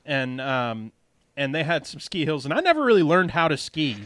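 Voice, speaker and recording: Man, podcast host, casual chat, storyteller, laughs often, higher voice. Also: very animated, moderate pace, fairly bright tone, dry recording.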